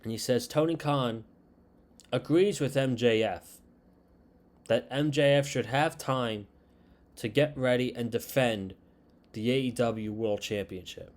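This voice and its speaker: A man casually recapping a wrestling show, retelling scenes and quoting lines in a slow, unhurried way. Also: mid-range voice.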